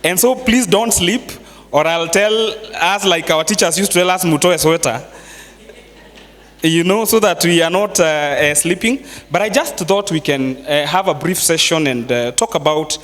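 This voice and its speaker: A man's voice: fairly high pitch, normal speed, fairly bright tone. A Kenyan man giving a live motivational finance talk to an audience, conversational, quizzing the listeners and dropping in Swahili phrases. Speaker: seminar speaker. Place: large hall with a live audience. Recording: echoey hall with long reverb.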